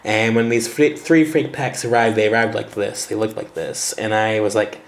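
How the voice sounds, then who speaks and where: Rambling, chatty man with a low voice. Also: steady tone, moderate pace. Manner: rambling and chatty, with fillers and laughs. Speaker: vlogger and teacher. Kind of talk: casual storytelling vlog while unboxing cards.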